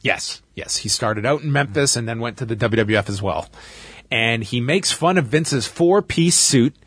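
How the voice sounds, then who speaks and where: A man's voice: medium pitch, normal speed, husky, no echo. A Canadian man hosting a podcast, animatedly recapping events in casual chat and laughing along. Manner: animated storyteller who laughs while recapping. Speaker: podcast host.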